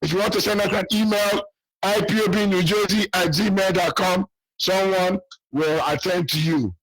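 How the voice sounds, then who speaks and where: Hoarse, high-voiced man calling in. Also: steady tone, moderate pace, fairly bright tone, no room sound, poor audio. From southeastern Nigeria. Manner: urgent, rallying, repeats key details. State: losing his voice. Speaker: caller. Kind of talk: radio call-in appeal.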